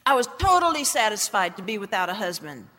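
A woman's voice: mid-range voice, big pitch swings, quick pace. A woman preacher giving a dramatic personal testimony in a sermon, with emphatic, swinging delivery. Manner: dramatic, emphatic storytelling with wide swings in loudness. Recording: long hall reverb.

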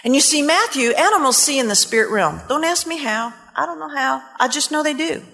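Woman preacher storytelling, animated, bright sharp voice, echoey hall. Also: high-pitched, fairly quick, creaky. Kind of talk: sermon storytelling.

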